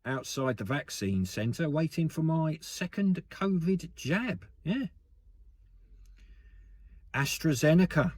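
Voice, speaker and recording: A man with an English accent delivering a deadpan, rambling improvised comic monologue, full of fillers. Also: mid-range voice, husky. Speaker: comedy sketch host.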